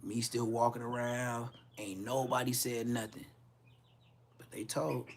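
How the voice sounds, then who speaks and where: A man's voice: medium pitch, little pitch movement, a little slow, slight background noise. A man casually telling a personal story on a podcast, laid-back and heavy on slang, acting out the people he quotes. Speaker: podcast host.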